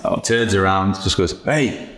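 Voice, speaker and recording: Joking man with a deep voice. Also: a little fast, roomy sound. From Wales. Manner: jokey, swears freely, tells anecdotes. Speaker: podcast host. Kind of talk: casual podcast chat.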